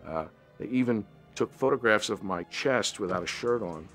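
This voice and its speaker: A man, an actor, recalling filming experiences in an interview in a husky voice. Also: on the low side, lively intonation, normal speed, a bit bright, soft background music. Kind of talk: interview recollection.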